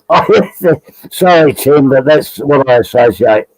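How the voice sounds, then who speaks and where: Here the Australian guest on the live stream speaks in a fairly high, expressive voice, slow and darkish in tone. He meanders through jokey, casual chatter with frequent laughter, and the recording is rough but free of echo.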